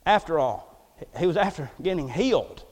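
High-voiced preacher in an echoey hall. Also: male voice, moderate pace. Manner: storytelling, folksy, animated with acted-out quotes. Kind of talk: sermon. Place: church hall.

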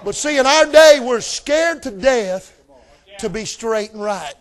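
A man preaching a fiery revival sermon in a folksy style, shouting often. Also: extremely high pitch, lively intonation, measured pace. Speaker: visiting preacher.

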